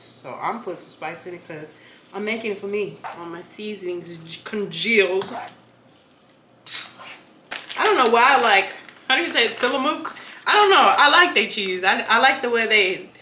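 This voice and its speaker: A woman's voice: medium pitch, pushed and bright, slight background noise. Chatty woman cooking in an echoey kitchen. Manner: chatty and joking, talks straight to viewers as y'all. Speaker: home cook vlogger. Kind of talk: casual cooking vlog. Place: home kitchen.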